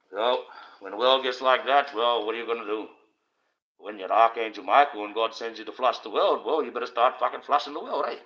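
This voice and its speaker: A man's voice: mid-range voice, fast talker, pushed and bright. Swearing, ranting man on a livestream. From Australia. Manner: coarse, swearing, repetitive ranting. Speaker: livestream host. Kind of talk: profane rambling monologue. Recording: dull lo-fi stream audio.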